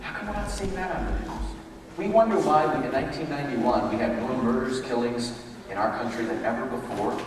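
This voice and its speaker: A man's voice: mid-range voice, a little fast, slight background noise. A man giving an emphatic live motivational talk in a large hall. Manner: animated, emphatic storytelling. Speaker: motivational speaker. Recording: echoey hall, distant mic.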